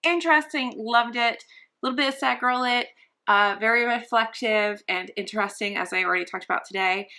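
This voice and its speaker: Bright-voiced woman chatting in a vlog. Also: fairly high pitch, fairly quick. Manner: gushing, emotional, rambling with restarts. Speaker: book vlogger. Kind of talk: casual vlog chat. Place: home, on the sofa.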